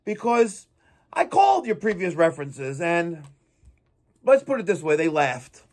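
A man ranting angrily to his viewers. He swears a lot and swings between shouting and muttering. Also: fairly high pitch, big pitch swings, unhurried. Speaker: plumbing business owner and show host. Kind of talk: ranting monologue to camera.

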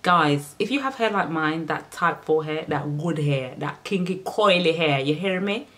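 A woman with a Caribbean accent giving hair care tips in a casual vlog, sassy and playful with shouted exclamations. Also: sits low, animated, a little slow.

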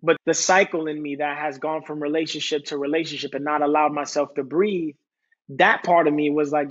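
A man appearing as a podcast guest, a singer-songwriter, candidly tells a personal story, earnest and rambling, and recites his own lyrics. His voice is on the high side and steady, with a brisk pace, and the recording sounds muffled.

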